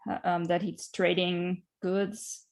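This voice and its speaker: A woman's voice: on the low side, little pitch movement, takes it slowly. Hesitant woman thinking aloud on podcast. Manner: hesitant, repeats words while thinking. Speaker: podcast co-host. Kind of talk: casual podcast discussion.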